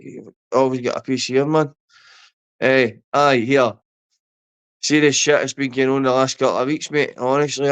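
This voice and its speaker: A man's voice: mid-range voice, clear, resonant tone. A man with a Scottish accent ranting on a livestream, swearing, throwing insults and talking to viewers by name. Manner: foul-mouthed, insulting; rambling, talks to chat by name. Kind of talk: livestream rant.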